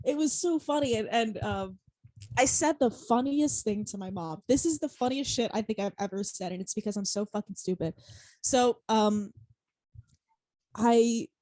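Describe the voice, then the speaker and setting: A woman's voice: medium pitch, normal speed, warm tone, no room sound. A young woman co-hosting a podcast, telling a story in casual chat, rambling, laughing often and swearing freely. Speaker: podcast co-host.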